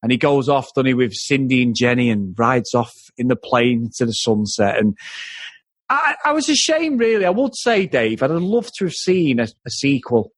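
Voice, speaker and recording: A man's voice: medium pitch, big pitch swings, normal speed, no echo. A man co-hosting a casual film review podcast, blunt and jokey, tagging his points with questions. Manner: conversational, full of tag questions, blunt and jokey. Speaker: podcast co-host.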